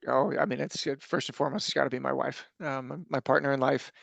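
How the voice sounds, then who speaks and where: A man's voice: mid-range voice, flat delivery, fast talker, gravelly, fairly bright tone, no room sound, dull audio. A man as a podcast guest, talking casually and telling his story in an earnest, reflective way. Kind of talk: casual conversation.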